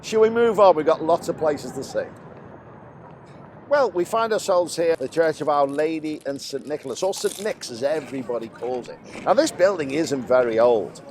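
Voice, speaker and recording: A man's voice: a little high, animated, moderate pace, a little mellow, a little hiss or hum. A man acting as a city tour guide in a comedy sketch, explaining landmarks politely and patiently outdoors.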